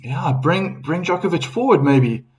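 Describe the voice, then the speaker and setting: A man calling a tennis match live on a stream, chatty and relaxed, reading out viewer comments and laughing now and then. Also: on the high side, a little slow, rough recording. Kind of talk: casual live play-by-play commentary.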